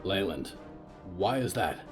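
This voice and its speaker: Man doing a wary, quiet rescuer. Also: deep voice, expressive, slow pace, soft background music. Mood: wary, low.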